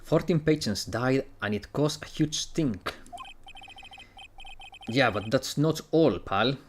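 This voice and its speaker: A man's voice: mid-range voice, animated, slow, slight background noise. A man reading a streetwise man witness from a courtroom game in a brash, chummy tone.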